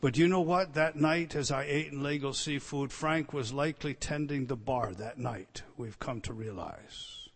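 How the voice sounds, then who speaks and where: A man preaching a sermon, swinging between loud emphatic teaching and quiet storytelling. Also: medium pitch, moderate pace, few pauses. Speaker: pastor. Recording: long reverb hall.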